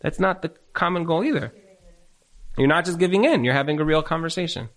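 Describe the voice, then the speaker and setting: A man with a fairly high voice speaks into a handheld mic in front of a live audience, giving marriage advice. He is emphatic and repeats his points, and he often throws in rhetorical questions. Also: expressive, a little fast, a bit bright. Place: event room with an audience.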